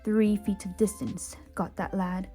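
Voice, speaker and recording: A stern, protective older guardian , voiced by a woman doing a rough attempt with a shaky Scottish accent. He talks in a gruff, menacing way, carries a mid-range voice, and is read from a sketchbook comic. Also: mid-range voice, a little slow, warm tone, soft background music, natural voice.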